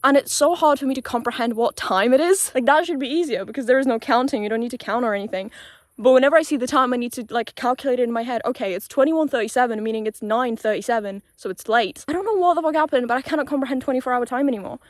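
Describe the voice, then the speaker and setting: A young woman from Poland, a native Polish speaker with British-tinged English, rambles casually and swears as she walks along a quiet rural road, holding her phone. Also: fairly high pitch, fast talker, no echo. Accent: British-tinged English with a Polish background. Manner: chatty, loose and sweary, with frequent "like" fillers. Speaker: vlogger. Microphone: handheld phone while walking.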